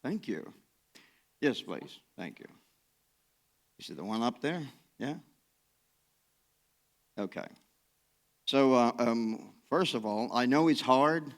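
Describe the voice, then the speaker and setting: A man's voice: mid-range voice, lively intonation, takes it slowly, pauses often. A man with a non-native English accent giving a chatty, self-deprecating keynote talk in a conference hall. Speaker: keynote speaker.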